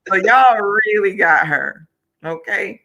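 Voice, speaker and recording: A woman's voice: mid-range voice, lively intonation, slow, creaky, pushed and bright. A woman from Miami hosting a livestream talk show, upbeat and colloquial, chatting to her viewers between questions. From Miami, Florida. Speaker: host.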